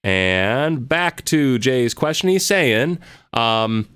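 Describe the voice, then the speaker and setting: A man's voice: mid-range voice, big pitch swings, very slow, fairly bright tone, clean tone, no room sound, studio quality. A man teaching a live online music lesson, answering viewer questions in a chatty, rambling way with many fillers. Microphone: close studio mic.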